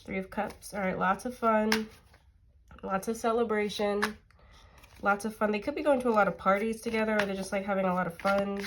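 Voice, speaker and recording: A woman with a congested, nasal voice talks her way through a tarot reading in a loose, rambling way, full of "like" and "um". Her pitch sits in an ordinary middle range. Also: fairly even intonation, brisk, noisy background. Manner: rambling, lots of "like" and "um". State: stuffy nose, nasal. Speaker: tarot reader. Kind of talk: casual tarot reading chat.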